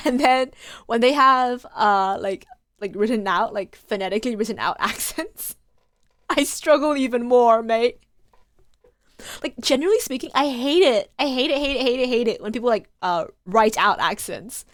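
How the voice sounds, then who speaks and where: Animated woman streamer. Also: fairly high pitch, normal speed, dry recording, studio quality. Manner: animated, rambling, swears freely. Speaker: let's play streamer. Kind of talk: casual game commentary.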